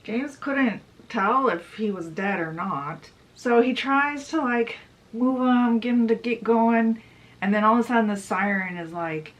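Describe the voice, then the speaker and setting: A woman's voice: fairly high pitch, measured pace, poor audio. A woman casually retelling a book's story, chatty and full of fillers. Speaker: book channel host. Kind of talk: casual book summary retelling.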